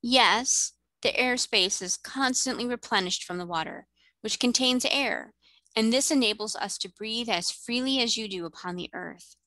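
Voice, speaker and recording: A woman's voice: a little high, moderate pace, sharp tone, dry recording, voice pushed up. A woman reading aloud, voicing a gracious, regal mermaid queen who explains things patiently. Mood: explaining.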